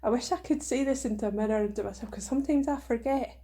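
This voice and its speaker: Speaking quickly in a slightly high, mellow voice, a female podcast host delivers a motivational monologue to her listeners. She is earnest, emotional and encouraging, sometimes on the verge of tears.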